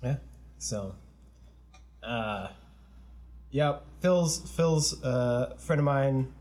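A man hosting a podcast in casual chat, laughing often and talking in an easygoing, drawn-out way. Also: medium pitch, expressive, a little mellow. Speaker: podcast host.

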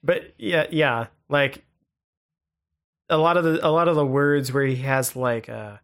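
A man in casual conversation about films, rambling with halting restarts and fillers. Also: medium pitch, fairly even intonation, a bit bright. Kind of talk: casual movie chat.

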